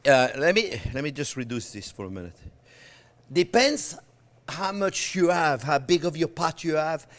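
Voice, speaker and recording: An older man hosting a cooking demonstration, chatting warmly to viewers as friends and laughing often. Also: a little high. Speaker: cooking show host. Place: home-style kitchen.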